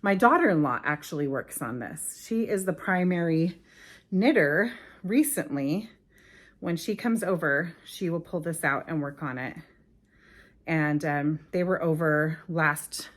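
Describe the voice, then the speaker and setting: A woman's voice: low-pitched, normal speed. A middle-aged woman hosting her own craft podcast in casual, rambling chat, often stopping to correct herself. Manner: chatty and rambling, with frequent self-corrections. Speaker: podcast host.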